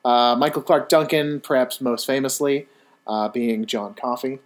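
A man's voice: mid-range voice, a little slow. A man hosting a podcast, chatting casually and teasing his guest in a playful, joking way. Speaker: podcast host. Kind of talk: casual chat.

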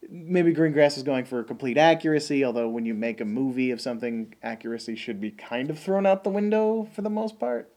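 A man's voice: medium pitch, brisk, hardly any pauses, a little mellow. A man co-hosting a podcast, talking casually about a movie with lots of fillers and restarts. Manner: chatty, many fillers and restarts. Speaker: podcast co-host. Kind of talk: casual film discussion.

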